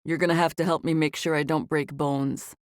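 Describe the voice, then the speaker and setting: A woman reading as easygoing young man, quiet assurance, low voice, storybook lead. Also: steady tone, fairly quick, no echo, studio quality, close to an everyday voice. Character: easygoing young male star, quietly confident.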